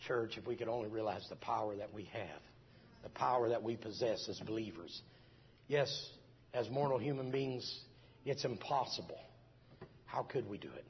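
A man's voice: on the low side, normal speed, lo-fi sound, slight background noise. A middle-aged man, preaching a testimony in a folksy storytelling way full of restarts. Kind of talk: sermon testimony.

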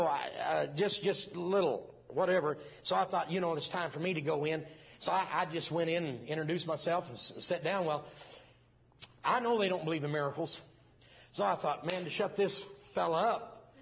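A man's voice: high voice, creaky, slightly rough, lo-fi sound. A middle-aged man, preaching a testimony in a folksy storytelling way full of restarts. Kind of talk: sermon testimony.

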